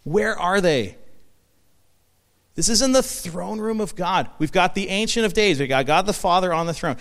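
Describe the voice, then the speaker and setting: A man preaching a sermon as pastor, reading scripture and explaining it with emphatic bursts and hushed, reflective stretches. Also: high voice, moderate pace. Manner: animated, emphatic, swings from loud proclamation to hushed reflection.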